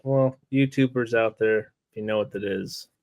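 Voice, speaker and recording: A man co-hosting a casual TV review podcast, joking around and making quick asides. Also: on the low side, fairly even intonation, no echo, dull audio. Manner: easygoing, jokey, quick asides. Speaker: podcast co-host.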